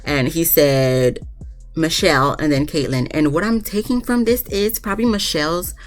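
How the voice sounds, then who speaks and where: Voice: mid-range voice, normal speed, soft background music. A reviewer recapping a reality show in casual chat, ranting bluntly with plenty of swearing and acting out what others said. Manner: blunt, profane, animated ranting; often acts out quotes of others.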